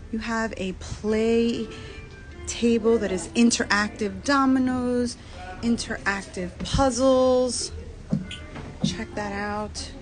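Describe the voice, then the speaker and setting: A woman giving an excited live room tour on a cruise ship, filmed on a handheld phone and out of breath at times. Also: on the high side. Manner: excited, gasping and laughing. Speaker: cruise vlogger. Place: cruise ship cabin, indoors.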